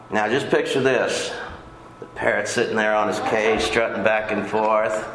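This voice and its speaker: A man's voice: mid-range voice, fairly even intonation, moderate pace, vocal fry, fairly bright tone. An older man teaching a casual Bible lesson in a folksy, rambling way, often repeating himself. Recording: echoey room.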